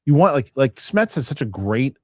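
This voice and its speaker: A man's voice: medium pitch, very animated, moderate pace, dry recording. A man hosting a casual live show, rambling and cursing freely while reading out viewer comments. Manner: rambling, profane, laughs at his own stories. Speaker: host.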